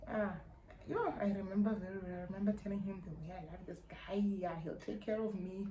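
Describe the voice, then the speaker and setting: A young South African woman with a South African accent, telling a personal story in a lively vlog and acting out her relatives' lines. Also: mid-range voice, a little fast. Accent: South African English. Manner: animated, acts out relatives' lines, slangy. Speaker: YouTuber. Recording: echoey room, faint background hum.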